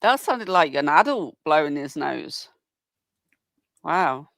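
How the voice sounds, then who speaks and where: A woman's voice: low-pitched, sing-song, slow, vocal fry, a bit bright, no room sound, clean studio sound. A woman making wry, incredulous asides while watching a live stream. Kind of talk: reaction chat.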